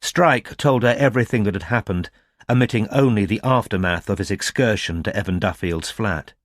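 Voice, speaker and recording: Man, audiobook narrator, low voice, measured reading, dry close mic. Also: dry recording. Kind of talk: scripted narration.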